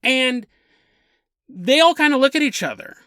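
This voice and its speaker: A rattled sailor spilling out his strange story, as a podcast host plays him in passing. The voice stays bright and everyday, recorded dry and up close. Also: very high-pitched, expressive, unhurried, clear, resonant tone, no room sound, voice pushed up, heavily acted. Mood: recounting. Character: shaken male sailor recounting his ordeal.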